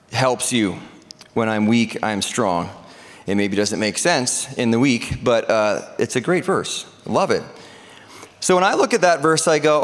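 A man's voice: medium pitch, big-room sound. A man preaching a sermon as pastor, talking in a conversational, joking way with asides and restarts.

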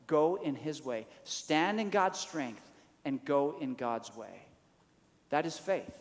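Male pastor, higher register, animated sermon delivery in a reverberant hall. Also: slow pace. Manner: animated preaching, acts out quoted lines with rising pitch.

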